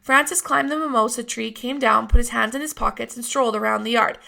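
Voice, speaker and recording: A woman reading a novel aloud with steady storytelling narration. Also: fairly high pitch, fairly quick, vocal fry. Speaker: reader of a novel.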